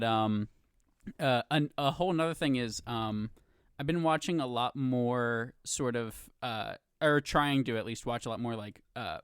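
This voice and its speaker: A man's voice: medium pitch, clean tone, no room sound, clean studio sound. A man co-hosting a podcast, talking hesitantly with lots of fillers and restarts. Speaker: podcast co-host. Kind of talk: casual chat.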